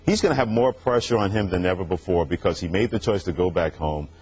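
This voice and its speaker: Sports debate co-host, male, quick and confident, lo-fi audio. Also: low-pitched, darkish tone, husky. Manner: fast, confident, punchy. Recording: dull lo-fi podcast audio.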